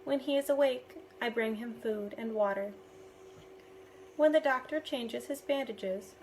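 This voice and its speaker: A woman reading a novel aloud in a steady, expressive way. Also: fairly high pitch, a little hiss or hum, poor audio. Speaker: reader.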